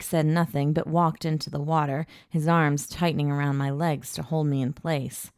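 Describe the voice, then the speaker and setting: A woman narrating a first-person audiobook in an even, intimate storytelling voice, recorded close in a booth. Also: sits low, moderate pace, hardly any pauses, clear, resonant tone, no room sound.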